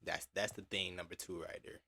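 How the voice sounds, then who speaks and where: Male reactor, crisp bright tone, relaxed profane slang with lots of fillers. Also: low-pitched, a little fast, slight background noise. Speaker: video reactor. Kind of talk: casual reaction chat.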